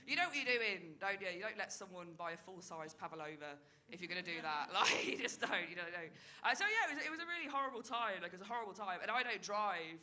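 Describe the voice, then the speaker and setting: Bright-voiced woman doing stand-up. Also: medium pitch. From Britain. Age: 30s. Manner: chatty, tags lines with "right?" and "like". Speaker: stand-up comedian. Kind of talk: stand-up comedy set.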